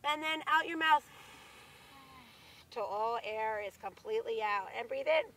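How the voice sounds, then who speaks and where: A woman with a hoarse voice leading a children's yoga class outdoors in a park, encouraging the kids and asking them questions. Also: on the high side, unhurried, sharp tone, far from the mic, a little hiss or hum, poor audio. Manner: encouraging, leads by example, asks the children questions. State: losing her voice, hoarse. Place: outdoors in a large city park.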